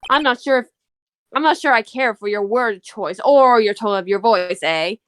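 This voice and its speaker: A woman's voice: fairly high pitch, normal speed, background noise, close to an everyday voice. A woman voicing a hasty old male judge in a game who snaps out rulings and ends his sentences with "eh". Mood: stern. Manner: blunt, snappish, tacks "eh" onto sentences.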